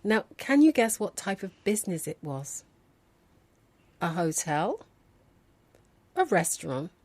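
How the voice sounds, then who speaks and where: A woman from London hosting a scripted educational programme, speaking in a clear, measured way. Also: lowish voice, sing-song, darkish tone, no room sound. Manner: clear, measured, quizzing her co-host. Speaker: host.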